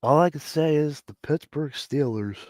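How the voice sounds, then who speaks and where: A man's voice: fairly high pitch, moderate pace, dry recording. A man hosting a live sports stream, ranting and mocking rival teams while sick with a cough. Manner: animated, mocking, mimics players. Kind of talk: casual live-stream rant.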